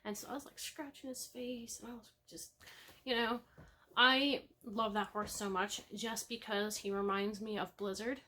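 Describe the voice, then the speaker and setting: A young woman talking casually to camera in a hobby vlog, rambling with lots of ums, laughing softly and getting a little emotional. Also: a little high, steady tone, moderate pace. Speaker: cross-stitch vlogger.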